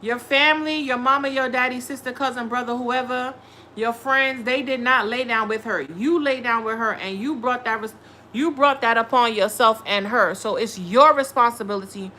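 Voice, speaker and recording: A woman's voice: on the high side, normal speed, bright, forceful tone, slight background noise. A woman giving a blunt, profane, scolding tarot reading on a live stream. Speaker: tarot reader.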